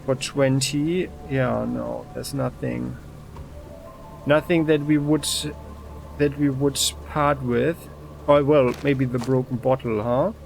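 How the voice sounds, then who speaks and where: A man hosting a let's play, giving relaxed game commentary and reading game text aloud. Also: medium pitch, takes it slowly, gravelly, soft background music. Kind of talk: casual gameplay commentary.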